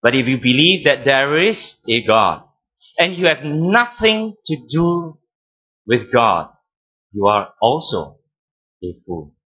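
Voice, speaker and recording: A man preaching a sermon as pastor, teaching deliberately, stressing key words and repeating phrases. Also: medium pitch, big pitch swings, sharp tone, breathy edge, highs cut off.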